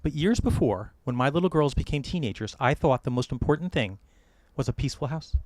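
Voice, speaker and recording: American male wedding officiant, middle-aged, quick and dry-miked, playful advice-giver. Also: medium pitch, animated, no echo. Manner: warm joking advice, gentle storytelling. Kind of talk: wedding ceremony address. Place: outdoor or hall wedding ceremony.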